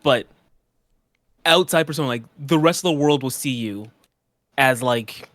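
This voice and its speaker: A man's voice: mid-range voice, measured pace, fairly bright tone, no echo. A man co-hosting a casual chat podcast, with a dry, teasing way of talking. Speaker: podcast co-host.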